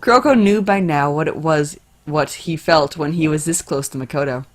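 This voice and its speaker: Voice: medium pitch, normal speed. Giggly young reader of bad fanfiction. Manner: giggly, reads in a flat mock-serious way, breaks into laughter. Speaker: co-host reading fanfiction aloud. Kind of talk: reading aloud with comic asides.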